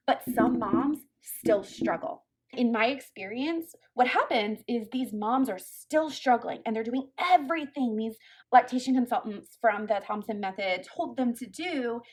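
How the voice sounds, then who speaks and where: Woman, lactation consultant, passionate folksy commentary, somewhat high voice. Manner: fired-up, emphatic, folksy. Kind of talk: opinionated commentary to camera.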